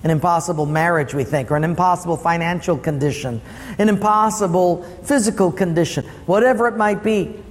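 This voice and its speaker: A man preaching a sermon as pastor, lively and asking the congregation questions. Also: high voice, a little fast, long reverb tail.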